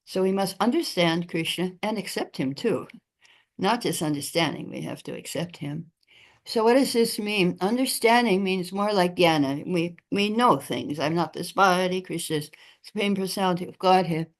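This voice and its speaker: A woman giving a devotional scripture class in a temple, speaking in an unhurried way and pausing often between phrases. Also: lowish voice.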